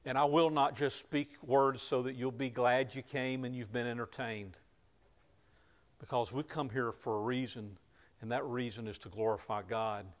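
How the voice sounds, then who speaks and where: A man preaching a sermon, retelling scripture in plain conversational words and rising to loud emphasis at key moments. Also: mid-range voice, fairly even intonation, moderate pace. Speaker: pastor.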